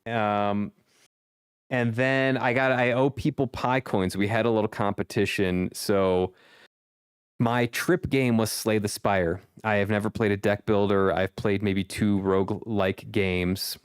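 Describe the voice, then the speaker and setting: A man's voice: on the low side, fairly even intonation, a little slow, smooth, no room sound, clean studio sound. A man streaming live, chatting casually with his viewers, rambling and repeating himself as he plans the session. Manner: chatty, rambling, repeats phrases, reads chat aloud.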